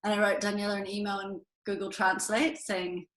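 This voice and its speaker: A woman's voice: medium pitch, flat delivery, fairly quick, a bit bright. Australian woman telling a story on a video call. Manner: chatty storyteller, laughs often, trails off. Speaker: guest winemaker. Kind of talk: casual chat on a video call. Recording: echoey room over a video call.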